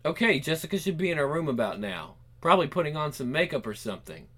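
A man's voice: on the high side, sing-song, quick pace, a bit bright. A man voicing a game's hero, thinking aloud in a panicky way and swearing often. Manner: cursing, panicky, talks to himself. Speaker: player voicing the protagonist. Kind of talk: game voice-over playthrough.

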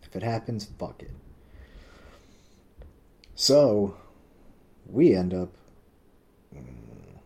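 Low-voiced man telling a rambling story. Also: big pitch swings, very slow, pauses often, darkish tone. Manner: rambling, swears a lot, heavy use of "like"; acts out quoted people with pitch jumps. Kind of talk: casual storytelling.

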